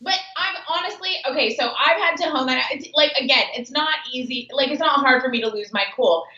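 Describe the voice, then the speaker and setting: A woman's voice: high-pitched, bright, forceful tone, roomy sound, lo-fi sound. A woman guest on a sports radio show, chatting candidly and telling stories with lots of "like". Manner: candid, fast storytelling with "like" fillers. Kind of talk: casual radio chat.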